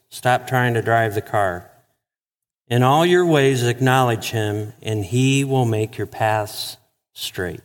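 A man reading scripture and leading a prayer at a church service. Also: mid-range voice. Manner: slow and measured. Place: church hall. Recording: reverberant church hall.

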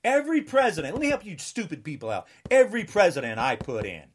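A man's voice: high voice, wildly swooping pitch, fast, slight background noise. Combative man in his sixties ranting. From United States. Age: 60s. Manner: combative, taunting, repetitive. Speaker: political ranter. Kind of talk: angry political rant.

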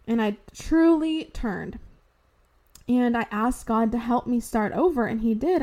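A young woman with a slightly raised voice speaks slowly and deliberately, sharing her faith testimony. She sounds earnest and heartfelt, holding back tears as she goes. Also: on the high side, warm tone. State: tearful, fighting back tears. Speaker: podcast host sharing testimony.

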